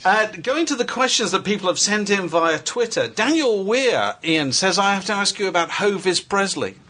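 A man hosting a podcast, reading out listener questions and prompting his guest with quick agreement. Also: sits high, expressive, pushed and bright. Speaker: podcast host. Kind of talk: casual podcast chat.

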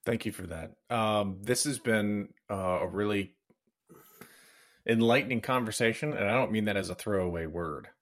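A man hosting a podcast, speaking reflectively and haltingly with many fillers in casual interview chat. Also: fairly low pitch, fairly bright tone. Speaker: podcast host.

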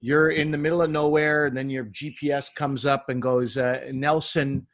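A man, a comedian guest, telling lively anecdotes in casual chat, acting out quotes as he goes. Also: medium pitch, normal speed, no room sound, clean studio sound. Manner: animated anecdotes with acted-out quotes.

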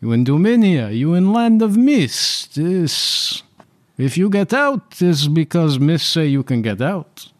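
A man voicing a nervous ship captain who speaks in halting, broken phrases. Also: fairly high pitch, sing-song, pitched above the performer's own voice. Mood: nervous evasive.

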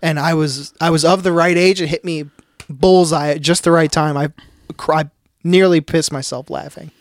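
Relaxed male podcast co-host with a slightly high voice, easygoing, swears casually. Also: normal speed, no room sound, clean studio sound. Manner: laid-back, profane, laughing often. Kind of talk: casual chat.

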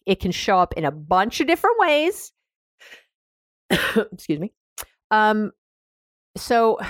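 A woman talking through a self-help idea in a loose, chatty podcast monologue, pitched at a middling height. She laughs often and starts sentences over, recorded on a dry, close mic. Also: dry recording. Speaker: podcast host.

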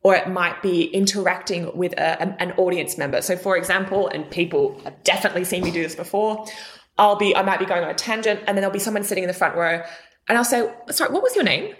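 A young adult woman appears as a guest coach on a podcast interview, talking quickly in an animated, expressive way and moving her pitch up and down for emphasis.

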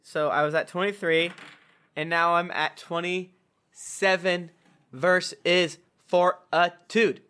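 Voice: medium pitch, level tone, slow, bright, forceful tone, clean tone. A player in a tabletop game, joking and describing their character's actions. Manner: joking, acts out own character's lines.

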